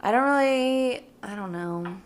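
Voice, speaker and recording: A woman's voice: a little high, measured pace. A young woman co-hosting a podcast, chatting casually in a playful, joking way. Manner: playful, joking, slips into silly voices. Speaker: podcast co-host. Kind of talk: casual chat.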